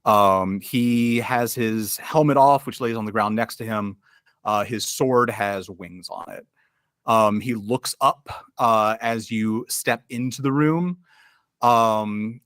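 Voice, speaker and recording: Man game master, slow and halting, lowish voice, dry close mic. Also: a bit bright, no echo. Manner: slow, halting, many fillers. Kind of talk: narrating a tabletop game.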